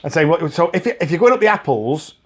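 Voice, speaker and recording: A man's voice: fairly high pitch, very animated, quick pace. Rambling, jokey man in casual chat. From England. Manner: rambling, jokey banter with many restarts. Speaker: podcast co-host.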